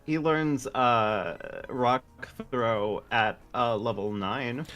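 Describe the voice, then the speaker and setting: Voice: medium pitch, drawn-out words. Co-commentator cracking dry jokes at the player, normal middle voice, game music faintly behind. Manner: dry, teasing quips. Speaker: guest co-commentator. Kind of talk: casual gaming banter.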